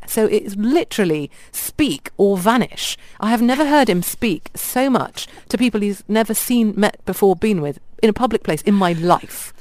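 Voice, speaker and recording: A woman from India chatting on a radio show, telling animated stories about restaurants. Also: mid-range voice, normal speed, hardly any pauses, dry recording. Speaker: radio guest reviewer. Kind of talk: casual radio chat.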